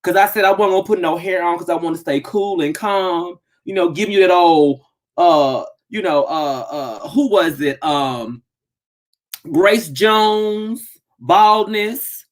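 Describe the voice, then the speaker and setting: A woman hosting a casual live stream from her home office, greeting viewers by name and bursting into excited shouts. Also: fairly low pitch, unhurried. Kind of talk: casual chat.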